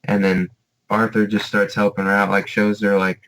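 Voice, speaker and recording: Low-voiced, rambling podcast co-host man. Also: monotone, normal speed, fairly bright tone, poor audio. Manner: rambling, many fillers like "like" and "you know". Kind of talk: casual chat.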